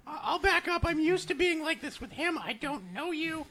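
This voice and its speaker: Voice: sits high, animated, moderate pace, bright, forceful tone, a little hiss or hum. A player in a tabletop role-play who plays a cleric, bantering bluntly and teasing the shopkeeper.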